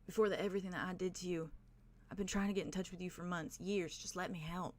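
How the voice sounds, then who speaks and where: A woman voicing a remorseful nobleman who speaks softly and pleads with an old friend in a tabletop game. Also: on the low side, fairly even intonation, fast talker, close to an everyday voice. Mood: pleading. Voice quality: soft, pleading.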